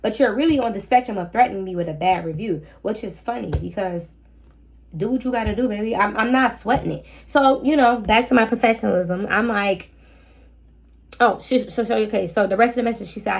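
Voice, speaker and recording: A young woman hosting a casual storytime vlog about her rental guests, talking in a sassy, animated way with slangy asides to the viewer. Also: mid-range voice, fairly quick, vocal fry. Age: young adult. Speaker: short-term rental host.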